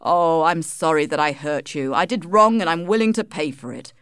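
A woman voicing an arrogant young gentleman, demanding and offhand, at times mocking. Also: low voice, normal speed, clean tone, no echo, studio quality.

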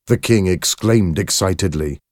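A man reading a storybook aloud as narrator, slow, clear and carefully paced. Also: sits low, a little mellow, no room sound, studio quality.

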